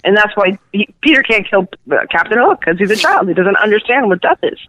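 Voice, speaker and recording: A woman's voice: medium pitch, animated, fairly quick, a bit bright, no echo. A middle-aged woman with a Cuban New Yorker accent, chatting as a guest author in a rambling way, full of fillers. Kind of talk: casual interview chat. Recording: tinny phone line.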